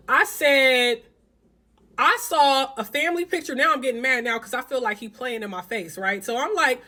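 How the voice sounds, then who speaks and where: Profane, animated young woman telling a story. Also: fairly high pitch. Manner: blunt, profane, animated retelling with quoted dialogue. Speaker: storytelling vlogger. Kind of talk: casual storytime.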